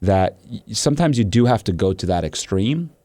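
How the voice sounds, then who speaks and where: A man's voice: on the low side, moderate pace, dry recording. A male podcast host, chatting casually and acting out funny stories with quoted dialogue. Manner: animated storyteller, acts out quoted dialogue. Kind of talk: casual storytelling chat.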